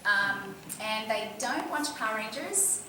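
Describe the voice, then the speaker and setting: A woman in her forties talks easily and laughs often while answering fan questions. Her voice carries through a large, echoing hall from some distance away. Steady background noise sits under every word. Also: a little high, measured pace. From Australia. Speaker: convention panel guest. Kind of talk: casual Q&A chat. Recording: echoey hall, from far off, noisy.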